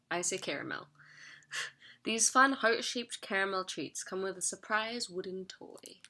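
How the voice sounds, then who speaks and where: A woman's voice: mid-range voice, measured pace, sharp tone. A young woman vlogging an unboxing in a chatty, giggly way, sometimes talking while she eats. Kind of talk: casual unboxing chat.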